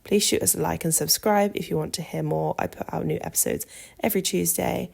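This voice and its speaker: A woman hosting a podcast, reading a script calmly and adding her own asides. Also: fairly low pitch, a little fast, creaky, breathy edge. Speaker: podcast host.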